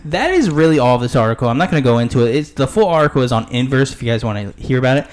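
A man's voice: medium pitch, animated, rapid-fire. Male podcast host, loose and chuckly, cuts words off and restarts; reads articles aloud in the same easygoing way. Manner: rambling, chuckly, trails off mid-word. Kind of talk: casual gaming podcast chat and reading news aloud.

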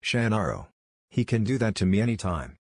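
A man's voice: on the low side, big pitch swings, fairly quick, breathy edge, no echo, full character voice. A man voicing a jealous, bossy teenage ninja girl in a storybook reading. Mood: snappy.

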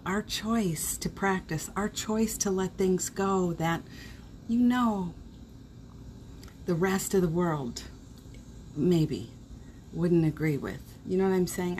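A woman's voice: lowish voice, darkish tone, slight background noise. A middle-aged woman hosting a casual morning live stream, greeting viewers by name in a gushing, upbeat way.

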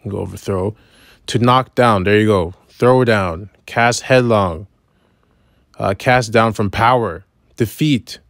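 Bible teacher, male, lowish voice, casual explaining with constant "right?", dry close recording. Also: vocal fry, dry recording. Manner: reads verses slowly, then explains with repeated "right?". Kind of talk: informal scripture lesson.

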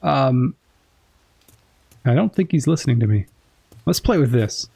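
A gaming streamer reacting excitably and with profanity while playing through a game. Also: medium pitch, unhurried, gravelly, a little hiss or hum. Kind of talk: let's play commentary.

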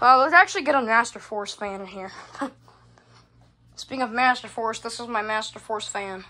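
High-voiced woman, foul-mouthed rambling vlogger. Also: normal speed. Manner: excitable, swears constantly, rambling. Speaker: hobbyist vlogger showing her fans. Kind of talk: casual unscripted vlog commentary. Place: indoors at home. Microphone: phone camera held while filming.

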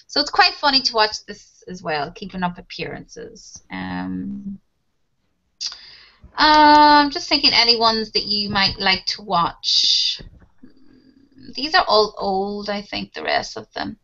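Chatty bright-voiced woman teacher. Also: mid-range voice, big pitch swings, slow pace, muffled recording. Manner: chatty, laughs often, addresses students as guys. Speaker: English teacher. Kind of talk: online class chat about TV shows.

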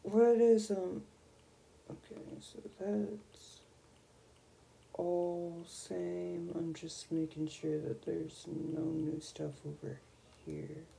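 A young woman streaming a video game, gushing and excitable as she squeals over new items. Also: on the low side, extremely slow, vocal fry, a little hiss or hum. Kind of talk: casual gameplay commentary.

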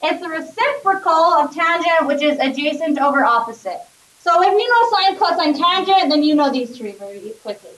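Heard from afar in a classroom with lots of echo, a woman teaching math keeps an upbeat tone and often checks on her students. Her voice sits high, with lively intonation, a moderate pace, and a fairly bright quality.

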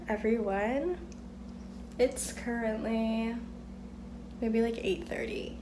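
A woman's voice: medium pitch, unhurried, noisy background. Chatty young woman vlogging outdoors. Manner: chatty, candid, frequent ums and likes. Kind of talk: casual vlog talk to camera. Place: outdoors and at home in Florida, handheld camera. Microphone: built-in camera mic.

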